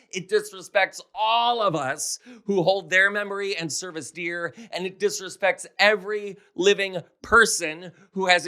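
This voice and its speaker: A man's voice: sits high, bright, forceful tone. A man hosting a political commentary show from his home, delivering scripted commentary in an impassioned, indignant way. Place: home with a mantle.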